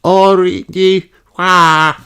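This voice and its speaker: Man voicing a cheerful little piglet girl, high squeaky voice, eager and bouncy, storybook read-aloud. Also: sing-song, takes it slowly, background noise, full character voice.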